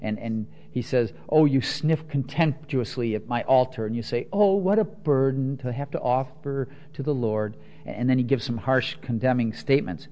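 A man preaching a teaching sermon, explaining scripture with everyday examples and moving between soft asides and emphatic quotes. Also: medium pitch, normal speed, hardly any pauses.

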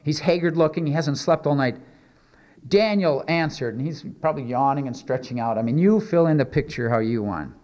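A man's voice: a little high, fairly quick, a little mellow. A male pastor preaching a sermon, reading scripture aloud and then explaining it in a conversational way with many rhetorical questions.

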